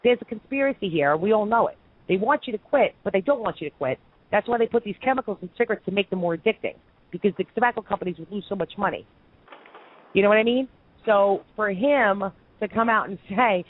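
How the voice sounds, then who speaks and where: A woman's voice: medium pitch, animated, fast, husky. Fired-up woman ranting on lo-fi radio. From Brooklyn, New York. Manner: heated, ranting. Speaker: radio show host. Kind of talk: call-in radio commentary.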